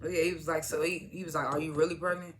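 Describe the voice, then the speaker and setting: A woman's voice: low-pitched, level tone, very fast, a little hiss or hum. A woman casually recapping a TV episode, retelling scenes by quoting each character in turn and laughing at them. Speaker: TV show reviewer.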